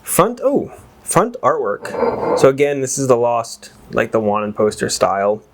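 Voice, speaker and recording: A man's voice: mid-range voice, very animated, measured pace, a little hiss or hum. A man reviewing whiskey in a casual, rambling chat that wanders off on tangents and is full of exclamations. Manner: exclaims and swears freely.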